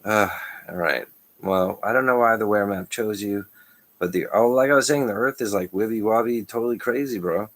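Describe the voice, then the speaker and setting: A man talking in a loose, rambling monologue, jumping between ideas with restarts and quick chuckles. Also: fairly low pitch. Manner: stream-of-consciousness, restarts, frequent chuckles. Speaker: channel host.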